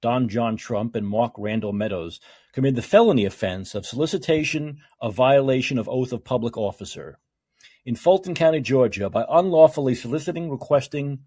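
A man's voice: medium pitch, fairly quick, slightly rough. A man hosting a political talk show, reading legal documents aloud and breaking into heated, sarcastic, profane rants. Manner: heated, sarcastic, profane ranting between calmer read-aloud passages.

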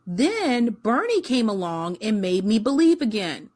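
Calm woman co-hosting a podcast. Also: on the high side, unhurried. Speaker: podcast co-host. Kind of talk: political chat.

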